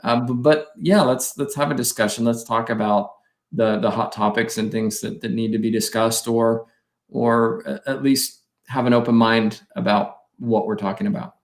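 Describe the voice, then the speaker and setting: A man co-hosts a talk show from an echoey room. He speaks hesitantly and often repeats his first word or two before going on. His voice sits at a plain middle pitch. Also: fairly even intonation, normal speed. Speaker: co-host. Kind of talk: casual talk show chat. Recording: roomy echo.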